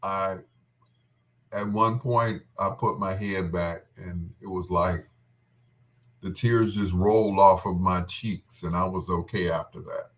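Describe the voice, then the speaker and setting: A man fondly recalling a wedding in casual, heartfelt talk. He is tearful and halting, full of restarts and trailing pauses. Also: sits low, fairly even intonation. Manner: tender and tearful.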